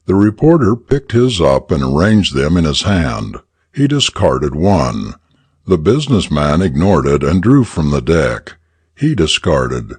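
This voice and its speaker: A man narrating a story for English learners in an expressive, deliberate reading. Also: extremely low pitch, slightly rough, dry recording.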